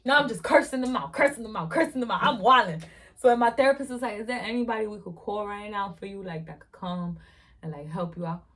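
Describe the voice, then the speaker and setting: Young woman vlogger, twenties; animated, profane storyteller who laughs a lot while eating on camera. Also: mid-range voice, fast talker.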